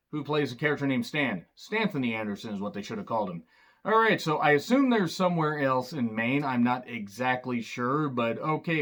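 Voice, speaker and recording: A man's voice: medium pitch, fairly bright tone. A man giving a casual, rambling spoken film review, full of sarcastic wisecracks and loose asides. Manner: loose and rambling, with fillers and restarts. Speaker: movie reviewer.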